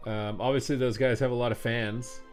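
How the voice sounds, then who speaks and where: Male streamer-commentator, worn out, fast game calls, casual chat. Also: medium pitch, faint music behind. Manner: quick play-by-play, rising excitement on big plays. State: tired, yawning.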